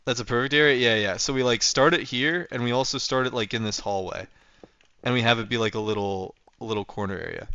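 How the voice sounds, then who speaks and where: A man's voice: mid-range voice, quick pace, sharp tone, clean tone, dry recording, dull audio. A young man livestreaming a game, chatting casually and rambling playfully as he thinks aloud while building. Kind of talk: casual gameplay livestream chat.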